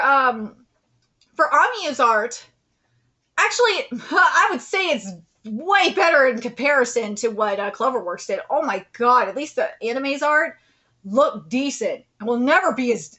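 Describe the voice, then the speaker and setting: Gushing high-voiced woman reacting to manga. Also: sharp tone. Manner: gushing, exclamatory. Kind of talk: live reading and reaction.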